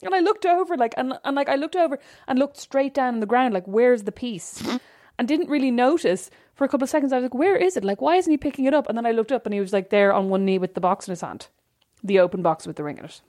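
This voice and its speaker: Woman, casual podcast chat, very fast, animated anecdotes. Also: on the high side. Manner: chatty, animated storytelling with quoted asides. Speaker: podcast co-host.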